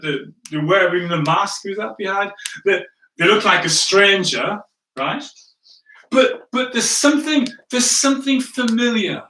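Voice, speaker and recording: His voice sits high and comes across pushed and bright as the pastor tells a sermon story, poking fun at himself in a chatty way. He keeps asking the listeners "right?", and the recording is distant and echoey.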